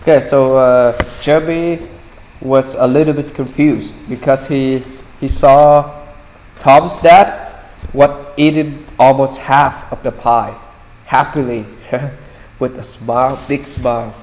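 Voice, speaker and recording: A man with a Vietnamese accent explaining a storybook in halting, simple English full of fillers. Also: medium pitch, fairly even intonation, a little mellow, long reverb tail. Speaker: English teacher.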